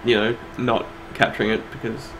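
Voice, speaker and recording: A man co-hosting an online awards show in casual chat, laid-back and quick to laugh. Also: fairly low pitch, level tone, fairly bright tone, a little hiss or hum, rough recording. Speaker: awards co-host.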